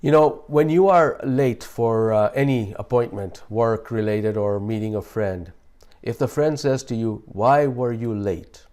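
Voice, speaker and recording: Calm man with a mellow voice. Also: fairly low pitch, unhurried. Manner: calm, explanatory, with frequent restarts. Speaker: host. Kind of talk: self-help talk.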